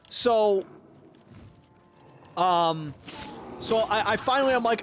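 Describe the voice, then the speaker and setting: A young man streaming a game while telling a profane, animated story and acting out the people in it. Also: high-pitched, a little fast, a little hiss or hum. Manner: profane, animated, acts out quotes. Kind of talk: casual storytelling while gaming.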